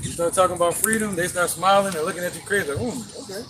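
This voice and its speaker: A man joining a casual religious discussion, talking quickly and raising questions. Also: sits high, steady tone, noisy background.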